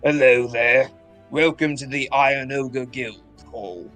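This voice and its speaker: A man's voice: medium pitch, steady tone, slow, a bit bright, soft background music. Man voicing a bear-headed robot guild master. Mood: welcoming. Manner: formal, politely menacing. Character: huge gruff male robot guild master with a bear head. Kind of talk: voicing a character in a tabletop game.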